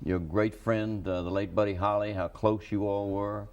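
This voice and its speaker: A man hosting a TV book interview, speaking deliberately with frequent pauses. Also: on the low side, flat delivery, a little mellow, lo-fi sound. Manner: deliberate, hesitant with many uh and um. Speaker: TV interviewer and host. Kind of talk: measured TV interview.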